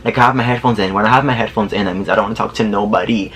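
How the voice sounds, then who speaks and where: A young man telling a story to camera in a casual vlog, sassy and animated, swearing freely and laughing often. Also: medium pitch, racing, hardly any pauses, slight background noise.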